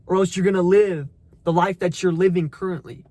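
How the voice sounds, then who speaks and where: A man's voice: high-pitched, steady tone, a little fast, mellow, dry recording. A young man giving a blunt, profane motivational rant, preaching tough love and calling the listener bro. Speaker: motivational content creator.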